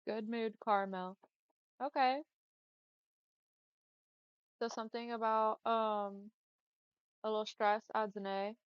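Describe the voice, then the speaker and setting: A woman's voice: fairly high pitch, fairly even intonation, slow pace, pauses often, clean tone, dry recording, dull audio. A young woman with a Texan accent chatting casually with her viewers while she streams a game, saying "y'all" and "like" a lot. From Texas. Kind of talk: casual chat while gaming.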